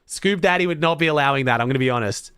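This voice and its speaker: A man's voice: a little high, very fast, fairly bright tone, clean tone, dry recording, clean studio sound. An Australian man streaming to his chat, thinking aloud in blunt, casual talk full of swearing. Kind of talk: casual livestream chat to viewers.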